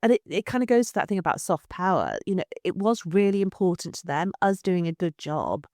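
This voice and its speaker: Animated woman, dry recording. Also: on the low side, fairly quick, dry recording. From England. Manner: animated, repeats words as she restarts. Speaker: city culture director, guest. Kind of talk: conversational interview.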